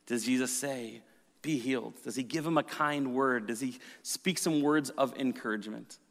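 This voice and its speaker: A man's voice: medium pitch, normal speed, gravelly. Man preaching in a reverberant hall. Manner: dramatic, swings from loud to hushed. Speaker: pastor. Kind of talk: sermon.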